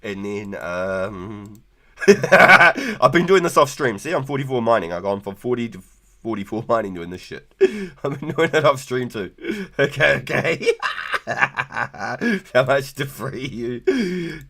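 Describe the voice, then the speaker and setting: A man's voice: mid-range voice, big pitch swings, takes it slowly, creaky, fairly bright tone. A man live-streaming a game, chatting loosely with viewers, laughing often and swearing freely. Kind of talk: casual live gaming stream chat.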